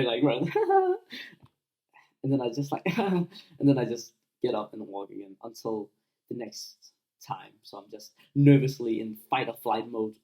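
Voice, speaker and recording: Over a rough recording, a young man of medium pitch and dark tone talks to viewers. His unscripted advice is blunt and profane, heavy with fillers, and he acts out scenes along the way in this casual monologue.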